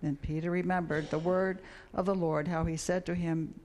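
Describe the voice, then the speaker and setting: A class member reading a scripture passage aloud in a steady, even way. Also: mid-range voice, moderate pace.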